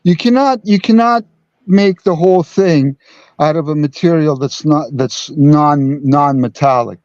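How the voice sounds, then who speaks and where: A man calling in to a talk show, explaining earnestly with halting restarts. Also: fairly high pitch, a little mellow, dry recording, dull audio. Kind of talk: casual call-in talk.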